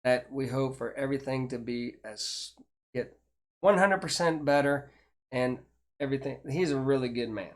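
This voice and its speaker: A man's voice: mid-range voice, normal speed. An older man, hosting a casual chat show and talking in a rambling, chatty way with frequent restarts. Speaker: host.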